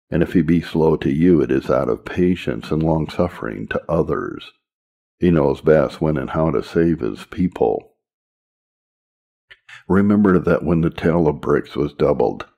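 A man's voice: a bass voice, vocal fry, warm tone, husky. A man reading an old sermon aloud in a solemn, earnest, exhorting manner, on a dull lo-fi recording. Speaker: reader.

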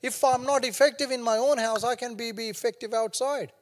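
A man's voice: very high-pitched, fairly even intonation, brisk, in a large hall. A man preaching a sermon as pastor to his congregation, emphatic and repetitive with frequent calls of "Amen" and humorous conversational asides. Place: church sanctuary.

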